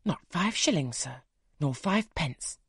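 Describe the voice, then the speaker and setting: Audiobook voice: a man reading a quietly firm young governess with a soft, measured manner. The tone is husky and sits in the middle range. The recording is dry and close. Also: a little high, animated, no room sound, exaggerated voice. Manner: polite, measured, soft-spoken.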